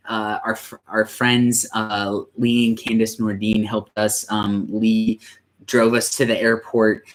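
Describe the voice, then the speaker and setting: Slow, halting man telling a story. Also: on the low side, fairly bright tone. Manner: halting, with many restarts and fillers; emotional, near tears at times. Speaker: church youth pastor. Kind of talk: casual personal storytelling.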